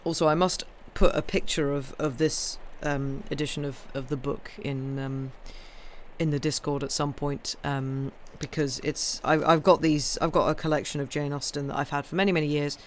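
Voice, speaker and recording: A woman's voice: low-pitched, fairly even intonation, moderate pace, slight background noise. A woman who streams herself reading novels aloud, chatting casually and rambling, full of ums and restarts. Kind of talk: casual chat on a live stream.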